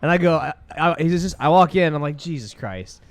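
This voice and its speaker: Higher-voiced Midwestern man, dry close sound. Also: fairly even intonation, fast talker, dry recording. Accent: Midwestern American. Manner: joking, laughs often. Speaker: podcast co-host. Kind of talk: casual comedic chat.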